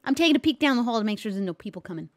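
Excitable woman doing a rat voice. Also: a little high, racing. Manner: put-on New York rat voice, excitable, giggly. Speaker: streamer playing a rat in a roleplay server. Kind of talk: in-character game roleplay.

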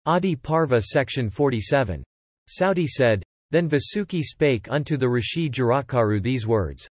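A man narrating an ancient epic, reading the archaic text in a measured, formal way. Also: medium pitch, expressive, dry recording.

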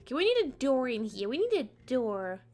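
Bubbly high-voiced woman streamer. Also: very animated, a little fast, a little mellow, faint music behind. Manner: playful, giggly, answering chat. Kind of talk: casual live-stream chat while gaming.

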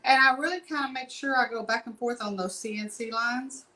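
A woman's voice: a little high, a little fast, sharp tone, poor audio. A middle-aged woman gives a casual painting tutorial, chatting and rambling in folksy asides while she works. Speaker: painting instructor.

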